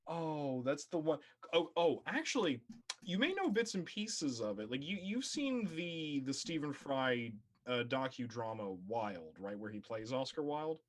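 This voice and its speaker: A man co-hosting a casual chat, chatty and quick to laugh. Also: a little high, very animated. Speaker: podcast co-host.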